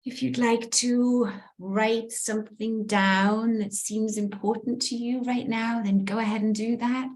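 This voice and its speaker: Woman, host of an online circle, gentle, playful, encouraging, video call, fairly high voice. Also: fairly even intonation, unhurried, few pauses. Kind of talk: guiding a group video call.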